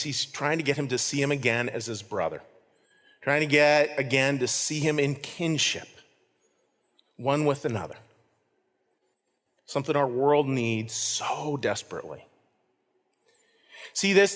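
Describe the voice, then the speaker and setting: A man preaching a sermon as pastor, animated, swinging from loud to hushed. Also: on the high side. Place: church hall. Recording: long hall reverb.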